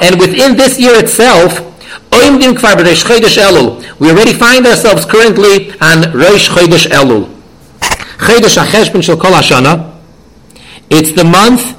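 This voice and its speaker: High-voiced man expounding a text. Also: fairly bright tone, rough recording. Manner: reads Hebrew phrases, then translates and expounds them. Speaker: Torah teacher. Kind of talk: translating and explaining a Hebrew text line by line.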